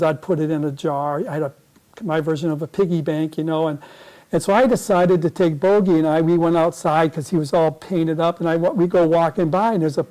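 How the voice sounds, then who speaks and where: Man, guest speaker, high-pitched, warm and mellow tone, rambling storyteller who corrects himself. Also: poor audio. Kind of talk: storytelling talk to a club. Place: club meeting room.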